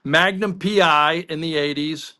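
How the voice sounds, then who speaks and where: Bright-voiced middle-aged male co-host. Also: on the high side, a little slow. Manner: rambling anecdotal storyteller. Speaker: podcast co-host. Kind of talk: casual podcast chat.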